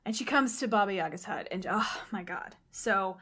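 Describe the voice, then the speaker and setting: A woman casually retelling a fairy tale on a podcast, animated, swearing and slipping into the characters' voices. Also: mid-range voice. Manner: animated, swears, acts out characters in quick asides. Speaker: podcast co-host and storyteller.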